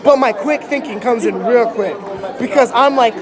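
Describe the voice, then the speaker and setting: A man's voice: extremely high pitch, moderate pace. Young male comic storyteller, exaggerated and mock-dramatic, performing for a live crowd. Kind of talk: comedic storytelling to an audience. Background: crowd, laughter.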